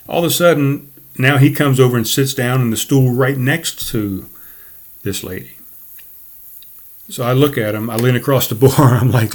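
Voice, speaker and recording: Male podcast host and bartender, swears freely, rambles and corrects himself mid-sentence, mid-range voice. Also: medium pitch. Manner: profane, rambling, with frequent self-corrections. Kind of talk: casual storytelling monologue.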